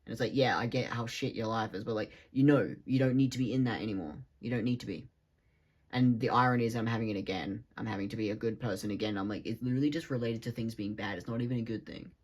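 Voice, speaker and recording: A man's voice: lowish voice, quick pace, a little mellow. A man, talking in a rambling, casual monologue for his vlog, swearing freely. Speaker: vlogger.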